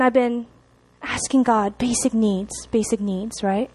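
A young woman preaching a sermon to a congregation, chatty and animated, often checking in with the room. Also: a little high, measured pace, husky. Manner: animated, chatty, laughs at herself, asks the room to respond.

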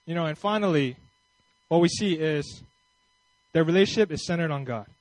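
High-voiced man preaching casually. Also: normal speed, no echo, rough recording. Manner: conversational, animated preaching with asides and self-deprecating humor. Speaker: pastor. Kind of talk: sermon.

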